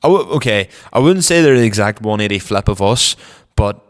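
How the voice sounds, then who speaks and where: A young man with a Northern Irish accent co-hosting a casual car podcast, rambling in a relaxed way, trailing off softly, and feeling cold. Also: fairly low pitch, a little fast. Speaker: podcast co-host. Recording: long reverb.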